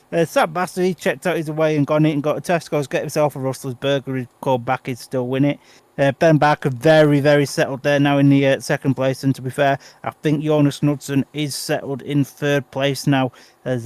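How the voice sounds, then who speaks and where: A British man, a co-host, calling speedway races in casual play-by-play, excitable and a bit breathless, with plenty of fillers. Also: mid-range voice, a little fast, no room sound. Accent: British English. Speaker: co-host doing race commentary.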